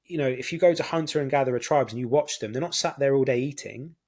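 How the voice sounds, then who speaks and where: Male guest; earnest explainer who slows down for emphasis. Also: medium pitch, a little mellow. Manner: earnest explainer, slows to stress key words. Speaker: guest health consultant. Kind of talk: casual interview chat.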